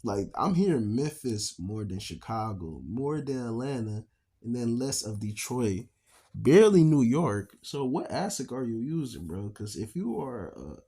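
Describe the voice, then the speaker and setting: A man's voice: medium pitch, very animated, measured pace, dark tone, husky. A man co-hosting a reaction video, talking bluntly and profanely in a rambling, casual way with many restarts.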